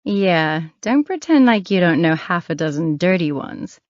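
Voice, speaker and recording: A woman voicing a dry, sharp-tongued female private investigator. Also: lowish voice, very animated, a little slow, dry recording, dull audio. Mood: wry.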